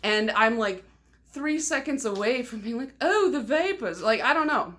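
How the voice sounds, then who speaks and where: A young woman from Michigan chatting casually in a nail polish vlog. She rambles with lots of "like" fillers, is excitable and loud, and laughs often. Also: a little high, moderate pace.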